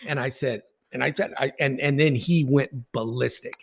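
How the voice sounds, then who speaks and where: A man's voice: mid-range voice, fairly even intonation, moderate pace, vocal fry. A man, a baseball umpire and podcast co-host, telling a story in blunt, profane, laughing casual chat.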